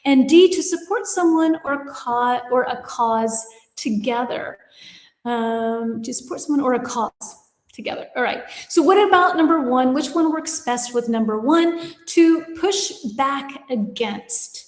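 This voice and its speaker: Unhurried and high-sitting, her voice rings with reverb like a large hall. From a home studio in Germany, this English teacher hosts a live-streamed lesson in a chatty, upbeat way, reading viewer comments out loud and laughing off her slips.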